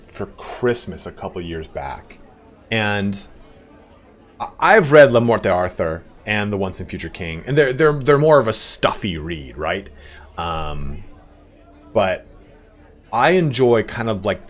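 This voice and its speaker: A young man from Southern California, chatting casually and rambling while he streams a game, swearing freely. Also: lowish voice. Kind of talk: casual live gameplay stream chat.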